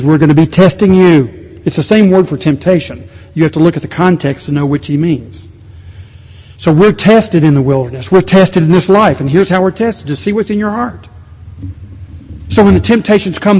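A middle-aged male pastor preaching a sermon, animated with sudden quiet asides. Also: a little high, husky. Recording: long reverb of a large hall.

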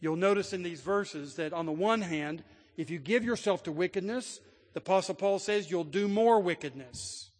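High-voiced preacher in a reverberant hall. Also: male voice, normal speed. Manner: storytelling illustration, rising to emphatic declarations. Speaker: pastor. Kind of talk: sermon.

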